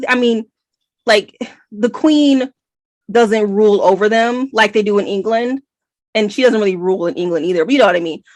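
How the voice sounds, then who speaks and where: An American woman co-hosting a book podcast, talking in a chatty, animated, digressive way. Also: medium pitch, no room sound. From United States. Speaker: podcast co-host. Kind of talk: casual book review chat.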